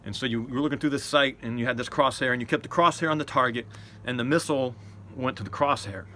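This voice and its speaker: A man's voice: mid-range voice, quick pace, bright, forceful tone, a little hiss or hum. A middle-aged American man giving an unscripted commentary monologue, often stumbling and repeating words, then rising to emphatic statements. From United States.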